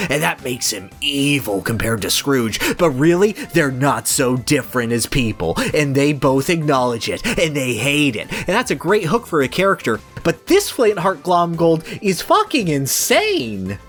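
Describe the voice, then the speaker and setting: Excitable gushing podcast co-host. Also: medium pitch. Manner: gushing, excitable, quick bursts and laughter. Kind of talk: casual chat.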